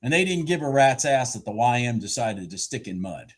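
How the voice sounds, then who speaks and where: A husky-voiced man talks through his trades live from his desk, his pitch swinging widely as he gets excited. He swears casually and mutters to himself between remarks to viewers. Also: a little fast. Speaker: futures trader streaming live. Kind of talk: live trading commentary.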